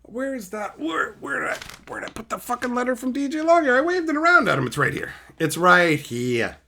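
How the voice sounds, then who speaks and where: A man's voice: very high-pitched, fairly quick, creaky, a little hiss or hum. A man live-streaming as he opens card packs, chatting casually and hurling profane, mock insults with frequent laughs. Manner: excitable, laughs often.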